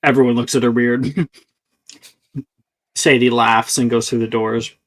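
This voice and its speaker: A man's voice: mid-range voice, flat delivery, slow pace, fairly bright tone. A man narrating as the game master of a tabletop role-playing game, with many hesitations and fillers.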